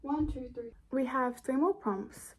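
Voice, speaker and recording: A woman's voice: high-pitched, measured pace, heavy background noise. A nineteen-year-old woman chatting casually to camera as a book vlogger, rambling with giggly asides.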